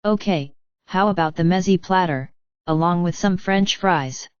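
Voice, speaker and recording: A woman's voice: fairly low pitch, unhurried, clean tone, no echo, dull audio, lightly acted. A woman reading an audiobook, voicing a cheerful, self-assured young woman who teases playfully. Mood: teasing.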